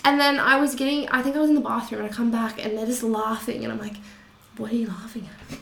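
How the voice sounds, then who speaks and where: A young woman in her twenties chatting casually, lively and laughing a lot. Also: a little high, quick pace, gravelly. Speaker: podcast guest. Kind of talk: casual chat. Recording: echoey room, faint noise.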